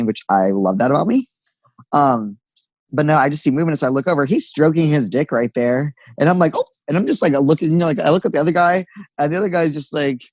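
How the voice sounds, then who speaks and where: A man's voice: medium pitch, dry recording, low-quality recording. Sassy, swearing young man telling stories. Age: young adult. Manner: animated storyteller, sassy quoted asides, swears freely. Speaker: podcast co-host. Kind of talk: casual chat.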